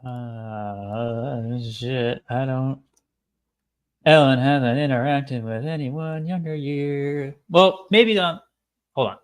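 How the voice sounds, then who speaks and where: A man plays in a casual tabletop session, pausing and thinking aloud about what his character would do. His voice has an ordinary middle pitch. He speaks loosely, with fillers and restarts. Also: fairly even intonation, smooth. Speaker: player.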